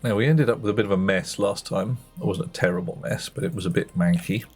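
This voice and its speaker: A man's voice: sits low, fast talker, creaky, breathy edge, soft background music. A man giving chatty, self-mocking commentary while playing a game on a live stream, muttering asides to himself.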